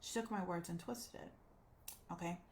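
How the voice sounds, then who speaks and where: Animated woman coach telling a story. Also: lowish voice, normal speed, gravelly, a little hiss or hum. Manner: animated retelling, acts out quoted voices. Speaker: life coach. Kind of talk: personal storytelling talk.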